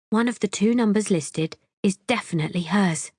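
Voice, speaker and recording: A woman's voice: medium pitch, normal speed, darkish tone, husky, no echo, studio quality. Wry woman narrating an audiobook. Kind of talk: first-person audiobook narration.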